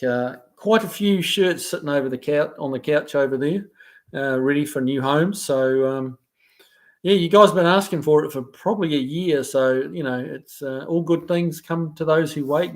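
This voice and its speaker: New Zealand man chatting casually on a live stream. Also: fairly high pitch. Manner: reads viewer comments aloud and answers them loosely, with many fillers and restarts. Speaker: host of a live stream reading chat.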